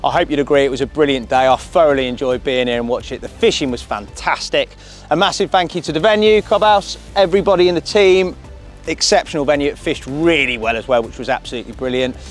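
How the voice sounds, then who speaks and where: A man's voice: medium pitch, quick pace, soft background music. A man giving an upbeat prize-giving speech outdoors, full of effusive thanks. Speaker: event organiser. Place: outdoors at a fishery.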